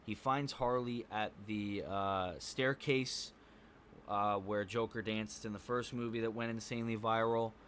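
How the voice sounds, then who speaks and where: A man's voice: on the low side, fairly even intonation, unhurried, fairly bright tone, a little hiss or hum. Blunt, cussing man reviewing a movie. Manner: blunt, profane, rambling with fillers. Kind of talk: casual spoken review.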